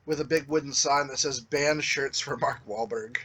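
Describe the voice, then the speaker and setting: A man's voice: medium pitch, fairly even intonation, normal speed, pushed and bright, breathy edge. A man co-hosting a podcast, telling laid-back anecdotes in casual chat and laughing between lines. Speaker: podcast co-host.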